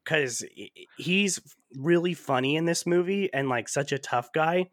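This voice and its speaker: Man, casual movie podcast host, animated, laughing, dry close mic. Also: fairly high pitch, unhurried, no room sound. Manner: animated, laughing often, trailing fillers. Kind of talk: casual movie-review chat.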